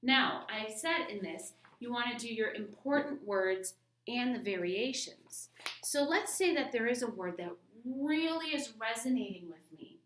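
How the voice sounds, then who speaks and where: A woman's voice: a little high, expressive, unhurried, fairly bright tone, a little hiss or hum. A woman teaching a casual Bible study lesson, talking through a verse and leaning on single words to show emphasis. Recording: roomy, from a distance.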